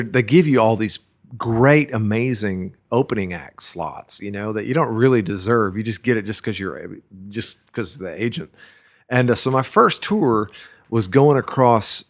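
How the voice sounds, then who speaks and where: A middle-aged man, a musician, telling stories from his touring days in a loose, rambling way, full of fillers and restarts. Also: fairly low pitch. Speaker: musician recalling his career. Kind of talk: casual storytelling interview.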